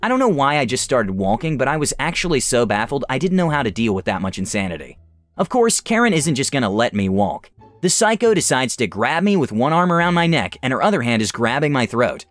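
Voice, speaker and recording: A young man reading online stories aloud with an animated, expressive delivery. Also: medium pitch, fairly quick, dry recording. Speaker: story reader.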